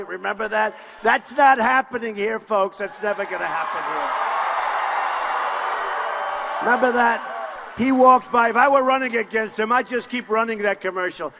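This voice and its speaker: An older man giving a boastful, repetitive campaign rally speech in short punchy phrases, often shouting to the crowd. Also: high-pitched, a little hiss or hum. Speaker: political candidate at a rally. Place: large university hall with crowd. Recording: long hall reverb from a live rally.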